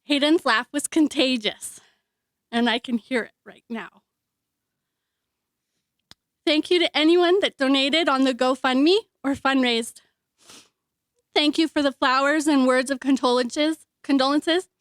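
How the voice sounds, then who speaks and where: High-voiced woman, halting emotional eulogy. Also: a bit bright, no room sound, studio quality. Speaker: eulogy speaker, sister. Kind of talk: memorial speech. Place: memorial hall.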